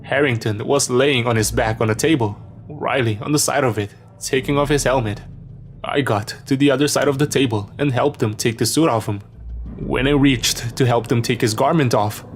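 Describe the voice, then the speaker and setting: A man reading a scripted first-person horror story as narrator, in a steady storytelling manner. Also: medium pitch.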